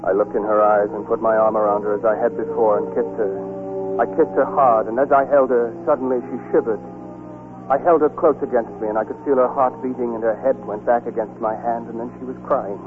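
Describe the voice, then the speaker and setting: An actor playing a reserved young ambulance officer who also narrates, in a quiet, understated way, in an old radio play. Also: male voice, medium pitch, steady tone, a little fast, close to an everyday voice. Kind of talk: 1940s radio acting. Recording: tinny old radio broadcast with music.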